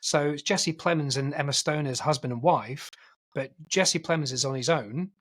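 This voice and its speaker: A man co-hosting a film podcast, casually retelling a film's plot in a rambling, animated way and acting out quotes. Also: fairly high pitch, normal speed. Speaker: podcast co-host.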